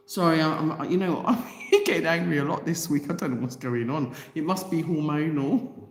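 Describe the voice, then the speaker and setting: A woman's voice: low voice, normal speed. A woman hosting a channel, reading out a news item and reacting with passionate, indignant commentary full of rhetorical questions. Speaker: channel host. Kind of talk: casual commentary. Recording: echoey room with long reverb.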